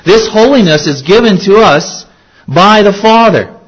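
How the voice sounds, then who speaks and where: A man with a high voice delivers an earnest sermon to his congregation. He poses questions to his listeners and repeats key phrases to drive his points home. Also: lively intonation, a little slow, poor audio. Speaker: pastor.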